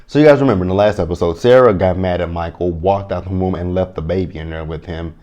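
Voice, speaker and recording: A man's voice: sits low, fast talker, warm tone. A man reviewing a reality show to camera in a blunt, profane, chatty way. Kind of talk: casual commentary to camera.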